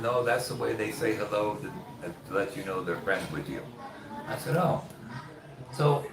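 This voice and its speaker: A man's voice: on the low side, vocal fry. A middle-aged American man vlogging in a chatty, rambling way that jumps between topics. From United States. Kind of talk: casual chat. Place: outdoors. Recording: echoey with loud ambient noise.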